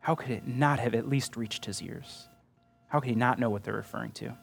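A man's voice: medium pitch, fairly quick, gravelly, slightly rough, faint music behind. Earnest male pastor preaching, conversational. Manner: earnest and conversational, often asks the listener "right?". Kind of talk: sermon.

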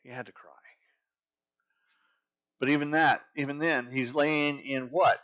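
A man's voice: fairly high pitch, steady tone, a little slow, fairly bright tone. A middle-aged man preaching a sermon as a pastor, talking conversationally and asking the congregation rhetorical questions.

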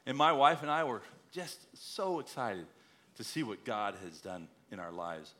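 Earnest bright-voiced male preacher. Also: on the low side, sing-song, moderate pace. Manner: earnest storytelling, rising to emphatic exhortation. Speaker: missionary preacher. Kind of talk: sermon with personal story.

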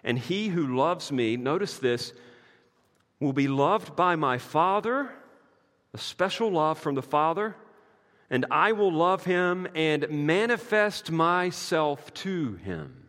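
Animated preacher man in a reverberant hall. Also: on the high side, slow. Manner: emphatic, swings from quiet to loud; casual asides with frequent "like". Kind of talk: sermon.

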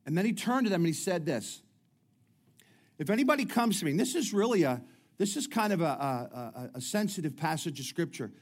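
A middle-aged man delivers a sermon in a conversational, joking way, often restarting his sentences. His voice sits a little high for a man. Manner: conversational preaching with humorous asides and frequent restarts. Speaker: pastor.

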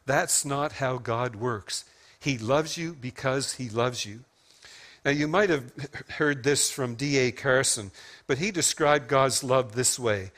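A man giving a sermon at a church service, talking in a relaxed, conversational way with touches of self-deprecating humor. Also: medium pitch, slow. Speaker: pastor.

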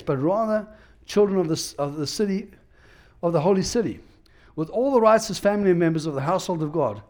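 A male preacher delivering a sermon with a voice pitched a little above the usual for a man. He presses his points through repetition and restarts, speaking in a plain, conversational way with emphasis. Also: darkish tone.

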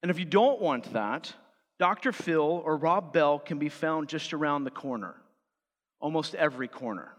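A man's voice: fairly high pitch, expressive, moderate pace. A man preaching a sermon as pastor, driving his points home with firm stresses. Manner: emphatic, rising to forceful stresses. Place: church sanctuary. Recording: church hall with long reverb.

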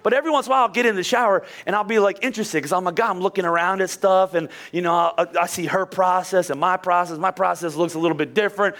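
A man's voice: sits high, fast, few pauses, fairly bright tone. A man in his forties from Philadelphia preaching a conversational sermon, chatty and self-deprecating, with frequent restarts and asides. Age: 40s. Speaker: pastor. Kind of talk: conversational sermon with personal stories.

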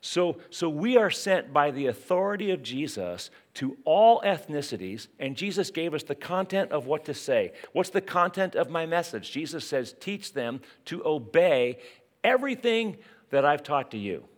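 A man delivering a sermon in a lively, conversational style. His pitch rises and falls freely as he throws out questions and asides to the congregation, shifting between punchy emphasis and quiet, drawn-out lines. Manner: animated, conversational preaching with rhetorical questions and asides. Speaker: pastor.

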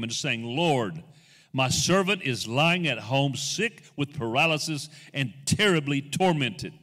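A man preaching a sermon as guest speaker. He goes from soft, slow asides to loud, rising exhortation, and he acts out the people he quotes in his own voice. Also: medium pitch, in a large hall.

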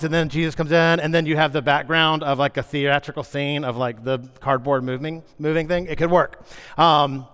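A man preaching a sermon, telling the story with lively, acted-out asides. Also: a little high, moderate pace, clean tone. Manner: animated storytelling, acting out scenes. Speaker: pastor. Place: church sanctuary. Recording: long reverb of a large hall.

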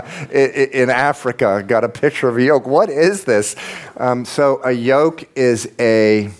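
A man preaching a sermon as pastor, conversational and animated, rising into emphatic peaks. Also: mid-range voice.

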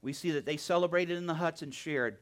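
A male pastor preaching a sermon in church, animated, often calling out "amen?" and "right?". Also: on the high side, a little fast.

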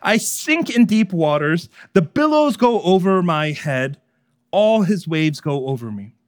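A man voicing a despairing pilgrim who is sinking in a river, reading his cries slowly and with anguish as part of a sermon. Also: high voice, big pitch swings, no room sound, clean studio sound, voice pushed up.

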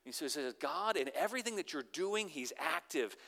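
A man preaching a conversational sermon, repeating words as he starts phrases and swinging from loud emphasis to near-whispered lines. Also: fairly high pitch, expressive, a little fast, gravelly. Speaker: pastor.

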